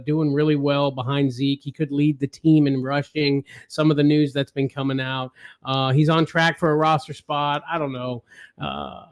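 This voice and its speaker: A man co-hosting a podcast, easygoing and chatty, often laughing and trailing off. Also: fairly high pitch. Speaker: podcast co-host. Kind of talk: casual chat.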